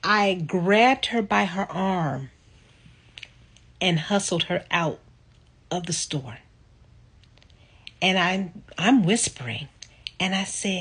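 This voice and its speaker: Slow, husky woman telling a story. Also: medium pitch. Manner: reflective, animated when quoting others. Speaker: vlogger telling a personal story. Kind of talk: casual storytelling.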